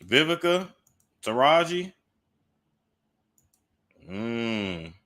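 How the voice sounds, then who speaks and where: A man's voice: mid-range voice, very animated, extremely slow, fairly bright tone. A man giving casual gossip commentary, chatty and asking his audience questions.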